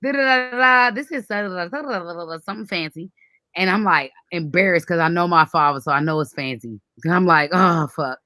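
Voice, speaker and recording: A woman's voice: on the low side, a little fast, no echo. A woman in her forties hosting a casual chat, telling a family story with lots of laughter and acted-out quotes. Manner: animated, acts out quoted voices, laughs often. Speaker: host.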